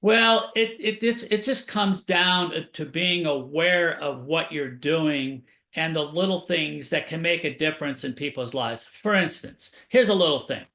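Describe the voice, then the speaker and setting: A man's voice: a little high, a little slow, few pauses, bright, forceful tone, reverberant. A man, an author and keynote speaker, telling upbeat motivational stories as a radio interview guest.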